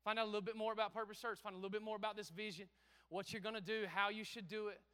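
High bright-voiced man preaching from the pulpit, smooth clear voice, pumping up the crowd. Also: fairly even intonation, very fast. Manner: emphatic preaching with call-outs to the congregation. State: out of breath. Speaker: pastor. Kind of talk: energetic sermon.

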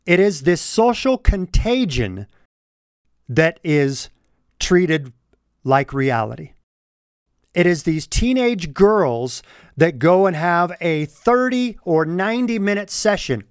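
A man's voice: high voice, dry recording, clean studio sound. A man delivering opinion commentary, stressing and repeating key words as he reads from a report.

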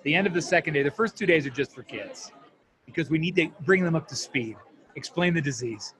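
A man speaks in a slightly high voice, earnest and heartfelt, as he tells a story from his work with families dealing with addiction. His talk is interview storytelling. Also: expressive, brisk, a bit bright. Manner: earnest, heartfelt, moved to emotion. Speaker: family addiction program counselor.

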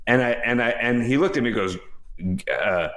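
A man's voice: medium pitch, normal speed, fairly bright tone. A man, a former astronaut, telling a long story in casual chat, rambling, restarting and laughing as he goes. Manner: rambling, self-interrupting storyteller, laughs often. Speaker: former astronaut, podcast co-host. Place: home by the water.

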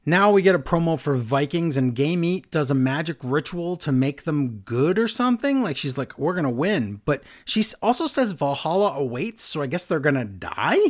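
A man co-hosting a casual wrestling chat, recapping a show with animated, exaggerated retellings. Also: a little high, normal speed, few pauses. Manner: animated, acts out quotes in exaggerated voices. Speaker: podcast co-host recapping wrestling.

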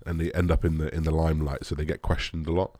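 A young man with an extremely low, deep voice rambles through viewer questions in an easygoing chat, leaning on "like" and dropping swears. The sound is close and dry, with no room around it. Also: little pitch movement, fast talker, warm tone, dry recording. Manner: rambling, lots of "like", swears casually. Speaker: bodybuilder answering viewer questions. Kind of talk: casual Q&A chat.

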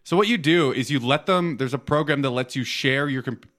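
A man's voice: mid-range voice, fairly quick, a bit bright. A man co-hosting a podcast, telling rambling stories in casual chat and swearing freely. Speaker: podcast co-host.

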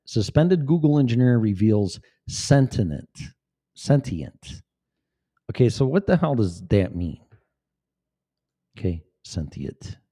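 A male vlogger rambles through casual commentary in a blunt, profane way. His voice is dark and mellow, and his pitch rises and falls in a lively way.

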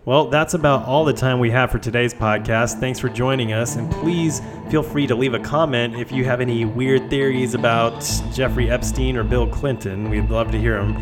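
A man's voice: mid-range voice, fairly even intonation, moderate pace, hardly any pauses, over music. A man hosting a podcast in a casual group chat, talking loosely with many fillers. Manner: laid-back, many fillers. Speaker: podcast host.

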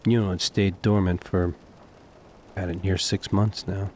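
A man voicing a grim young noble who is burdened and brooding, speaking low and measured in a tabletop game. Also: level tone, a little mellow, slight background noise. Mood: grave.

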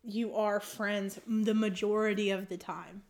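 A woman's voice: medium pitch, level tone, measured pace. A woman co-hosting a podcast, bantering playfully and teasing in casual chat. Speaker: podcast co-host.

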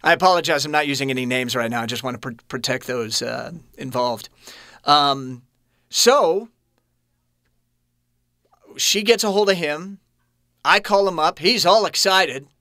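Bright-voiced earnest man telling his story. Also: on the high side, animated, no room sound, clean studio sound. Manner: earnest and halting, many restarts. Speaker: podcast guest, adoptee. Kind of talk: personal storytelling in an interview.

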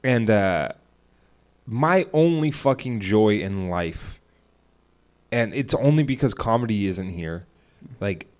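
Young guy ranting on a podcast, kinda low voice, curses a lot, rambles. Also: lively intonation, slow, long pauses, darkish tone. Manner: rambling, profane, retells arguments with quoted voices. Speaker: podcast co-host. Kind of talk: casual chat.

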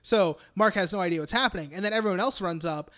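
A man's voice: high-pitched, fast talker, fairly bright tone. A man co-hosting a casual podcast, retelling movie scenes in a rambling, profane way and slipping into mock quotes. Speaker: podcast co-host.

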